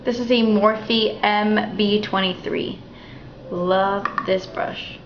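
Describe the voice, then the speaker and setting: A young woman walking through a makeup tutorial in a chatty, relaxed way at home. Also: mid-range voice, slow pace, noisy background. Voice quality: chatty, relaxed, thinking aloud. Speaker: beauty vlogger. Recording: dull, slightly roomy home recording.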